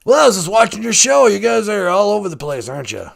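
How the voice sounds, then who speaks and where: A man's voice: high-pitched, big pitch swings, fast talker, vocal fry, exaggerated voice. A man voicing a goofy male talking dog who calls in to a podcast, with a folksy, jokey delivery. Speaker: caller. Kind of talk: comedy call-in sketch.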